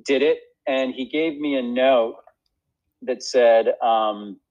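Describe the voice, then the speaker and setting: Brief: man, mid-pitched, casual and self-deprecating, many fillers, dull lo-fi sound. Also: animated, slow, a little mellow. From United States. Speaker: actor and guest. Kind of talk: casual conversation.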